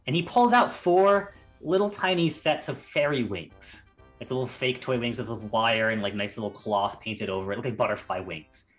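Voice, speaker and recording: A man's voice: fairly low pitch, animated, normal speed, a bit bright. A man running a tabletop game as game master, narrating in a loose, chatty way full of restarts. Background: faint carnival music.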